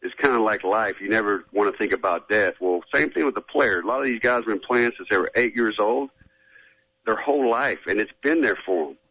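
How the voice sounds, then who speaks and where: Husky laid-back man on radio. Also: fairly low pitch, a little fast. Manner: laid-back, drawling, peppers talk with "man". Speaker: guest, former football player. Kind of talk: casual radio interview. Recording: dull lo-fi radio audio.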